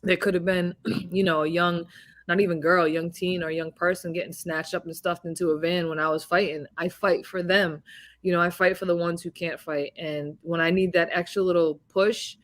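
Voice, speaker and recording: A woman in her thirties, a boxing champion being interviewed, telling animated stories with laughs and swearing. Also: lowish voice, moderate pace. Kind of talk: casual interview chat.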